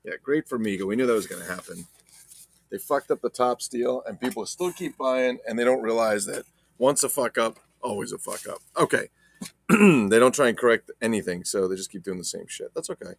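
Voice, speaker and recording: Sex: man. Style: casual, profane collector vlog. Pitch: lively and animated. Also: a little fast, gravelly, no room sound. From not Ireland. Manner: profane, enthusiastic, rambling. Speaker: collector vlogger. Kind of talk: casual unboxing chat.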